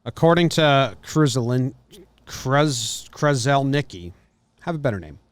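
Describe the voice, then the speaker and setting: A man's voice: medium pitch, lively intonation, measured pace, no room sound. A man hosting a casual podcast, reading a news story aloud and doubting it with a joking tone. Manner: skeptical, joking. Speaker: podcast host.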